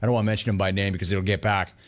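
A man's voice: low voice, level tone, rapid-fire. A man hosting a call-in sports talk radio show, brash and joking, calling people dude and bro.

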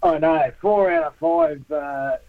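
A man's voice: a little high, takes it slowly, gravelly, no echo, phone-quality sound. An Australian man presenting a surf report in casual radio chat, laughing often and bantering easily.

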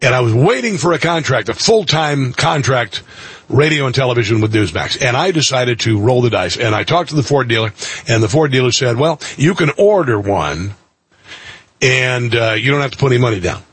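Very husky excitable male host. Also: mid-range voice, brisk, no echo. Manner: excitable, voice jumps up to loud outbursts. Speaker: radio and TV host. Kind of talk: storytelling monologue.

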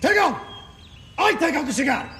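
An actor playing a hot-tempered, tender-hearted Sicilian truck driver who speaks broken English with a Sicilian Italian accent, in a 1950s film drama. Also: male voice, very high-pitched, very animated, measured pace, background noise, full character voice. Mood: furious. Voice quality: broken English, emotional and loud.

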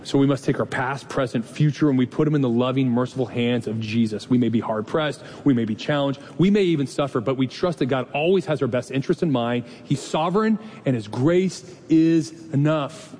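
A male pastor delivering a sermon in an easy, conversational manner, asking rhetorical questions and retelling stories with mild humor. His voice carries a long reverb from the sanctuary, with a faint low rumble underneath. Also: a little fast, hardly any pauses, darkish tone. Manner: conversational preaching with rhetorical questions and light laughs. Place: church sanctuary.

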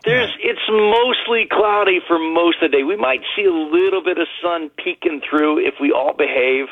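A man's voice: on the high side, normal speed. A man giving the weather forecast for a radio show in an upbeat, chatty, folksy way, calling in by phone. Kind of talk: weather report on a call-in. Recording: dry, tinny phone line.

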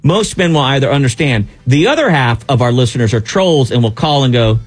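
Husky-voiced man telling an angry story. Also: medium pitch, fairly quick. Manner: animated, exasperated storytelling with many restarts. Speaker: radio show host. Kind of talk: casual storytelling chat.

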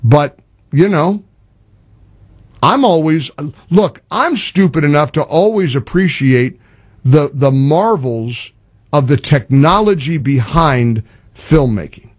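A man's voice: on the high side, lively intonation, slow pace, husky. A man hosting a talk radio show, ranting in an exasperated, opinionated monologue.

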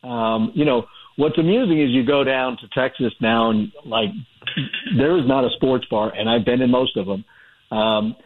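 A man's voice: medium pitch, moderate pace. Chatty man on a tinny phone line. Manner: chatty storyteller, many fillers and restarts. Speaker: author guest. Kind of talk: phone-in radio interview.

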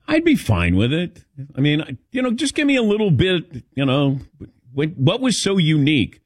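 A man hosting a sports talk show, telling stories in a lively, animated way and calling on his co-hosts by name. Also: on the high side, moderate pace, no echo, studio quality. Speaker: radio show host. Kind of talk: casual sports talk chat.

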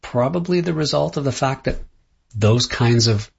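Husky-voiced middle-aged male author. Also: mid-range voice, lively intonation, moderate pace. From Canada. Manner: thoughtful, restarts sentences. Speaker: author and guest. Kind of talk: interview conversation. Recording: dull lo-fi sound.

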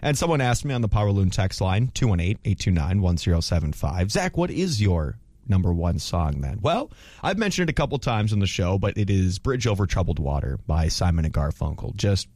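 Deep-ish guy dj rambling on air, heartfelt, dry close mic. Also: big pitch swings, a little fast, a little mellow, no echo. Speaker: radio DJ. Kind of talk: casual on-air chat.

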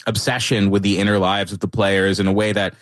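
A man, an author and guest, talking through his answers in a thoughtful, halting way with many restarts. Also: on the low side, flat delivery, no echo. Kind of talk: conversational interview answers.

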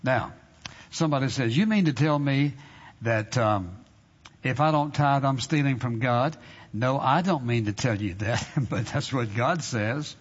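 A man preaching to a congregation. His voice rings through a large hall with a long reverb tail, and the sound is a little dull. He stresses his points hard and slows right down when he reads scripture. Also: medium pitch, breathy edge. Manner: emphatic preaching with slow drawn-out scripture readings and repeated phrases. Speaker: pastor. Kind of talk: sermon. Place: church sanctuary.

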